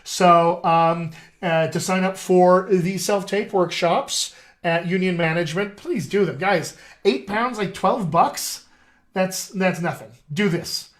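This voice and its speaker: A man's voice: high-pitched, slow. Upbeat male dialect coach hosting a live stream. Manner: upbeat, salesy, calls viewers "my friends".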